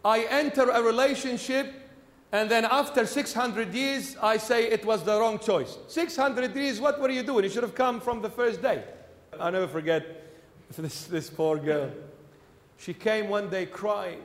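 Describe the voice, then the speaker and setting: A man, a bishop, preaching a sermon with emphatic repetition that swings between loud and soft. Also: high voice, a little slow, echoey room, long reverb tail. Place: church.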